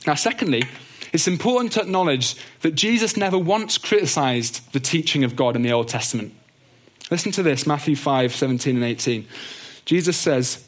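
A man teaching a Bible lesson in an earnest, gentle way. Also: on the high side, lively intonation, normal speed. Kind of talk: teaching talk on doctrine.

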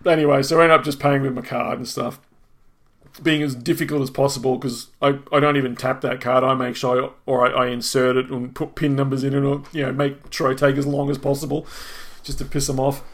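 Fairly quick and fairly bright, his mid-range voice stays flat as this middle-aged co-host rants through a lengthy, swear-laden story on their podcast. The exasperated grievance is told in a casual way.

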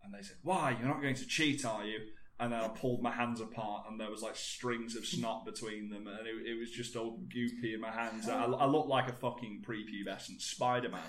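A man's voice: fairly low pitch, flat delivery, fairly quick, hardly any pauses, reverberant, a crowd in the background. A young man hosting a comedy podcast, telling rambling jokey stories. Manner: jokey, rambling storyteller who acts out voices. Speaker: podcast host. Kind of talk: casual comedy chat.

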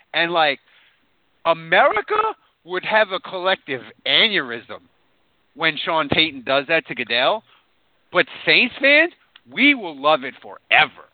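Sports radio guy getting worked up, swears a lot, lively voice, sounds like a phone line. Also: fairly high pitch, no echo. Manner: animated, emphatic, swears freely. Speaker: sports talk radio host. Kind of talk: casual sports radio banter.

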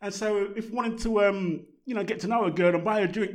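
An older man, chatting as a guest. His voice sits a little high for a man. He tells relaxed, rambling stories and laughs easily. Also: quick pace. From South London. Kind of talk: casual conversational storytelling.

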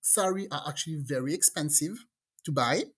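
A woman with a fairly low voice tells a personal story in relaxed, casual talk. She is lively and acts out what other people said. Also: moderate pace, slightly rough. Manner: animated storyteller, acts out quotes. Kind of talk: casual chat.

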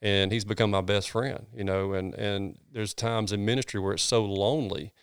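A man's voice: fairly low pitch, fairly even intonation, normal speed, clean tone, no echo, clean studio sound. A middle-aged man from North Georgia with a Southern accent, an earnest pastor telling his story in a casual interview with folksy sayings. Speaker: pastor, guest.

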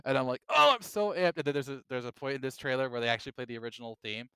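A man co-hosting a gaming podcast in casual chat, excitable and animated, often acting out his own reactions. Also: mid-range voice, racing, smooth, no echo. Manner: excitable, acts out reactions in quoted voices. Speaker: podcast co-host.

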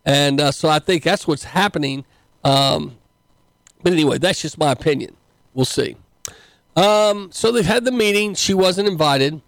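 A man's voice: on the high side, moderate pace, fairly bright tone, no room sound. Folksy rambling male show host. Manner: rambling, filler-heavy, folksy. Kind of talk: casual commentary.

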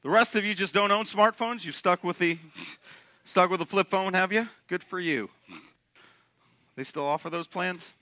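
A young man preaching a sermon to his congregation, animated and joking, often asking the room questions. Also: high voice, normal speed, long pauses, no room sound. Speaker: pastor. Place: church sanctuary.

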